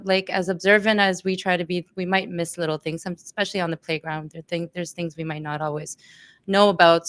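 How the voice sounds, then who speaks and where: A woman's voice: lowish voice, fairly bright tone, smooth. A woman who works as a teacher, earnestly giving advice to parents as a podcast guest, with many fillers. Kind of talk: advice in casual conversation.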